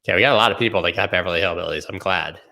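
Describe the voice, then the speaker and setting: A man's voice: low voice, rapid-fire, vocal fry, bright, forceful tone. A man hosting a casual livestream, joking and riffing while he answers viewer comments. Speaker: host.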